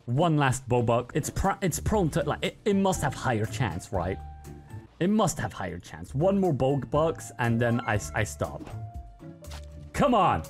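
A young man doing live gameplay commentary as a streamer, swinging between loud, swearing outbursts and low, sulky grumbling. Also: big pitch swings, a little slow, faint music behind. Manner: swears freely. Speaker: gaming streamer.

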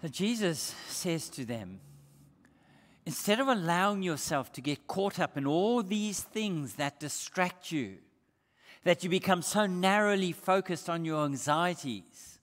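Male pastor, earnest preaching, high voice, echo of a large church. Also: a bit bright. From Australia. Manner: earnest, emphatic preaching with repeated rhetorical questions. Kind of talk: sermon. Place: church sanctuary. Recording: long hall reverb.

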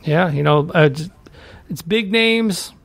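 A man's voice: a little high, takes it slowly, creaky, fairly bright tone, dry recording. A man co-hosting a podcast in laid-back casual chat, often saying "man.". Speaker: podcast co-host and editor.

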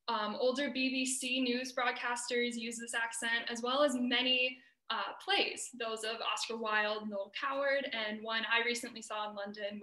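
A young American woman delivers an academic presentation over a video call. Her voice is bright and sits a little high. She explains each point earnestly, and the sound carries a roomy echo. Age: young adult. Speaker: student presenter.

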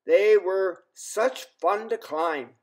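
A man telling a children's story in an unhurried, expressive way. His voice sits fairly high for a man. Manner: slow, expressive. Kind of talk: children's story read-aloud.

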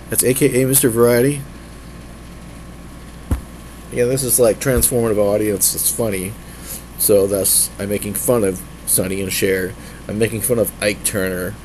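Man, musician streamer, rambling, jokey, mid-pitched voice, faint hum behind. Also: fairly even intonation, normal speed, a little mellow, low-quality recording. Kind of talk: rambling casual stream talk. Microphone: tablet mic.

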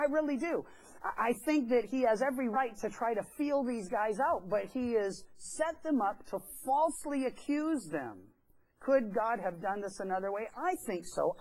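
A man's voice: high-pitched, darkish tone, low-quality recording. A pastor telling a story during a sermon in a church. He talks in a chatty way and acts out the quoted voices. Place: church sanctuary.

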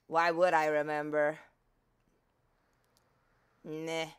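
Her voice is low-pitched, clear, and resonant, delivered flatly with drawn-out words. She's a gaming streamer, originally a Portuguese speaker, casually narrating her video game play, muttering along and cursing or exclaiming when mistakes happen.

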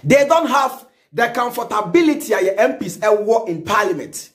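A Ghanaian man hosting a reaction show, giving satirical, ranting commentary in a theatrical, animated way and repeating phrases in a sing-song manner. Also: high-pitched, normal speed, soft background music. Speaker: reaction channel host.

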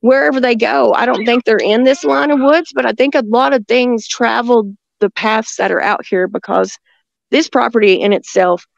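Gravelly-voiced woman rambling through a story. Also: medium pitch, no echo. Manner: rambling, with restarts and frequent laughs. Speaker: guest recounting encounters. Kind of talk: casual storytelling. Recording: dull lo-fi sound.

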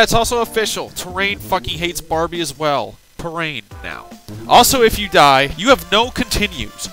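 A man's voice: high-pitched, pushed and bright, poor audio. A man giving ranting gameplay commentary as a game reviewer, sarcastic and profane.

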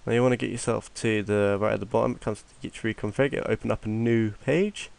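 A man's voice: on the low side, fairly even intonation, fast, gravelly, a little mellow. A young man, rambling offhandedly through a screen-recorded game tutorial while fighting a cold. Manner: offhand, rambling, mutters to himself. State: has a cold. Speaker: tutorial maker.

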